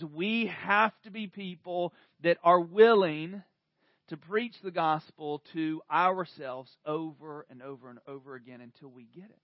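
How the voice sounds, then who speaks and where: A man's voice: sits high, no room sound, muffled recording. A male pastor preaching a sermon in a conversational way, rising to emphatic swells. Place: church service.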